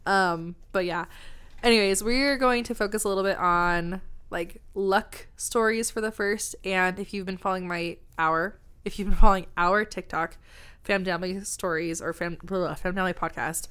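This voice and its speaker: A woman's voice: medium pitch, moderate pace, fairly bright tone, smooth. A woman hosting a podcast in casual chat, rambling with fillers and giggling. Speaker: podcast host.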